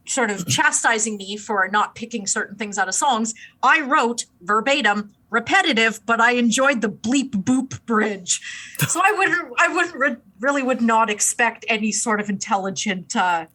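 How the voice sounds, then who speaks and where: Bright-voiced playful woman. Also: a little high, low-quality recording. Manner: self-deprecating, playful, acts out reactions. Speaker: podcast co-host. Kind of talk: casual music review chat.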